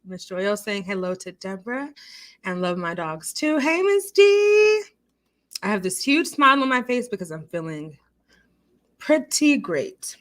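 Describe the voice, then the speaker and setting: A woman's voice: medium pitch, expressive, moderate pace, fairly bright tone. A tipsy woman casually chatting on a livestream in an echoey room at home, giggling and greeting viewers. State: a little tipsy. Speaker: livestream host.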